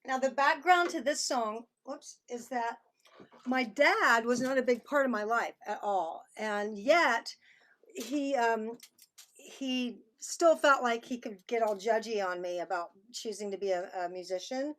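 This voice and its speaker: A woman's voice: fairly high pitch, a little slow, fairly bright tone. A woman musician with a Texan accent, reading from her memoir over a video call, reflective and chatty. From Texas. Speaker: musician and author.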